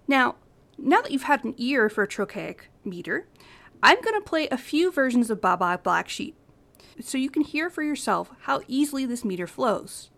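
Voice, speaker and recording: A young woman hosts her own podcast, reading a prepared script with earnest enthusiasm. Her voice sits a little high for a woman. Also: sing-song, moderate pace, creaky, a bit bright. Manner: reads from prepared notes, earnest and upbeat. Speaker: podcast host. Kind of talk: scripted educational podcast narration.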